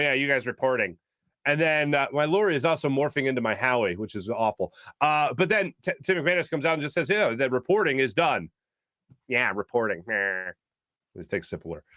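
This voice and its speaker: A man's voice: a little high, fairly bright tone, dry recording. A man hosting a sports talk show, giving casual, sarcastic, opinionated commentary and laughing at his own jokes.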